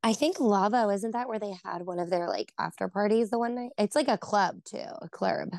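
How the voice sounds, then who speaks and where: Gravelly woman podcast co-host. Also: mid-range voice, brisk, darkish tone, no echo. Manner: eager reactions and follow-up questions. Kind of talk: casual chat.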